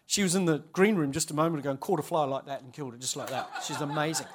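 High-voiced man telling stories. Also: racing. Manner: chatty, self-interrupting, laughs at own stories. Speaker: church leader speaking at a conference. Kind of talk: humorous storytelling talk.

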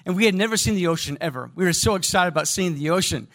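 A man with a high-pitched voice delivers a sermon. He tells stories with animation and talks right to the congregation, asking for their response. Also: very fast. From American Midwest. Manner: storytelling, animated, addresses congregation directly. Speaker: pastor.

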